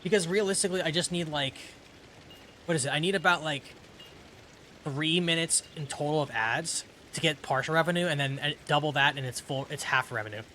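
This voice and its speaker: A man's voice: on the high side, brisk, sharp tone, a little hiss or hum. A man from the US streaming a video game, chatting casually with his viewers and reading game dialogue aloud. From United States. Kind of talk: casual gameplay commentary. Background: game music.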